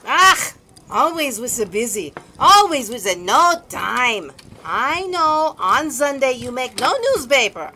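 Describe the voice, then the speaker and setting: A woman's voice: a little high, sing-song, slow, bright, forceful tone, a little hiss or hum, heavily acted. A woman playing a teasing, motherly German baker with a German accent. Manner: teasing, scolding. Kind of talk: audio drama acting.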